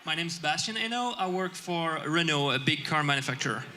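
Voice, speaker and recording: A man from a corporate innovation lab, giving a quick pitch in an earnest, plain way. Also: expressive, pushed and bright.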